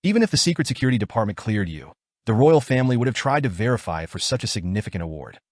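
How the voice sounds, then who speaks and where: A man's voice: lowish voice, sing-song, very fast, dry recording, studio quality. A man voicing a cold, shrewd noblewoman in a recap reading, keeping a cool, probing, matter-of-fact tone without much change from his own voice.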